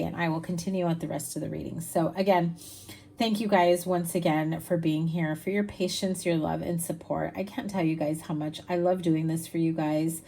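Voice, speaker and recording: A tired woman reading tarot cards in a chatty, rambling way, her voice low and mellow. A faint hiss sits behind her. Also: creaky. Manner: chatty, rambling, with fillers and laughs. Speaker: tarot reader. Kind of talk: casual monthly tarot reading.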